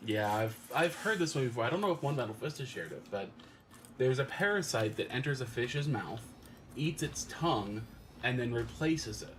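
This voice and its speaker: A man's voice: medium pitch, lively intonation, moderate pace, a bit bright, a little hiss or hum. A man chatting on a gaming stream, reading chat messages aloud and explaining things in detail.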